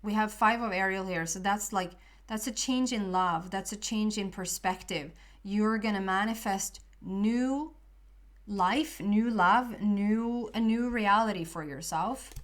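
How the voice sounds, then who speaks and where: A woman's voice: medium pitch, a little slow. A woman giving a casual spoken tarot reading, rambling with many fillers and restarts. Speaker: tarot reader.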